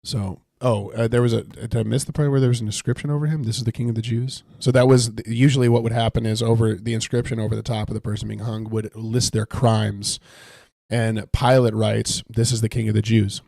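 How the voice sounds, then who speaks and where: A man's voice: fairly low pitch, level tone, a little fast, creaky, mellow, no echo. A man casually leading a Bible study on a live stream while he plays a game, reading scripture aloud and musing over it in a conversational way.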